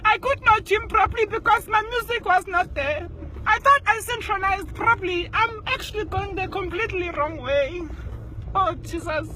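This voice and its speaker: A man playing an exasperated South African man who rants at technology while driving, with loud exclamations and slang. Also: very high voice, normal speed, exaggerated voice, rough recording. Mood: upset ranting. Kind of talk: comedy sketch monologue. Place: inside a car on the road.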